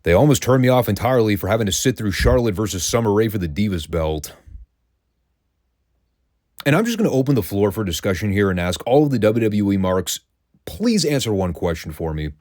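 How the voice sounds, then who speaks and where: Deep-voiced guy ranting sarcastically on his podcast, swears a lot, dry close sound. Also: sing-song, fairly quick, darkish tone, dry recording. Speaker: podcast host reviewing wrestling. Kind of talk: scripted sarcastic review.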